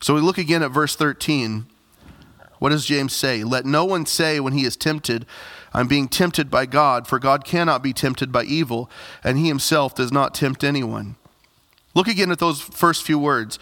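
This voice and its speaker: A man's voice: a little high, unhurried, bright, forceful tone. A male pastor preaching a sermon, earnest, building to emphatic repeated phrases and addressing the congregation directly.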